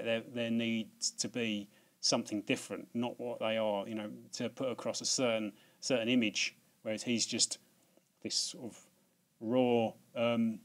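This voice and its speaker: A man's voice: fairly low pitch, a bit bright. A British man hosting a video in casual chat, rambling with many restarts and fillers and laughing at himself. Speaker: video host.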